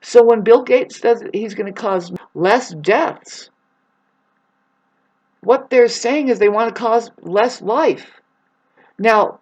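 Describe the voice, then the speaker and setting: A woman in a rambling spiritual monologue, agitated and profane, swinging between loud outbursts and low muttering. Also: expressive, takes it slowly, poor audio. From United States. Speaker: spiritual vlogger.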